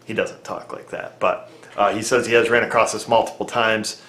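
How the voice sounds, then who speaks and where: Folksy low-voiced mechanic in an echoey room. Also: male voice, flat delivery, normal speed, fairly bright tone. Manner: plainspoken, folksy, talks through reasoning aloud. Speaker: auto repair mechanic. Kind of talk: casual talk to camera.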